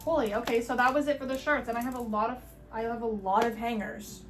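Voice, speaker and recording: A woman's voice: fairly high pitch, fairly even intonation, quick pace, soft background music. A young woman chatting casually as a vlogger while sorting and cutting up old clothes, rambling and swearing now and then, with the hiccups.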